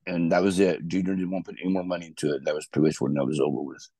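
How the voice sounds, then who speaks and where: A low, gravelly man tells loose, rambling stories about his wrestling career. His tone is dark and mellow, and the sound is dry and close. He restarts his sentences often as he talks. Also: flat delivery, racing, dry recording. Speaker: guest, former pro wrestler. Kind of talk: casual storytelling interview.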